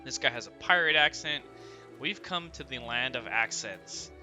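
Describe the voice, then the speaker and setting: A man's voice: mid-range voice, animated, normal speed. A young man hosting a gaming channel, chatting casually about his gameplay and often asking viewers "right?". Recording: voice-over with game music behind.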